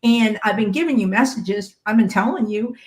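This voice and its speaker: Woman shamanic medium, explanatory podcast panelist, mid-pitched. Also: normal speed, a little mellow. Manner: explanatory, example-driven.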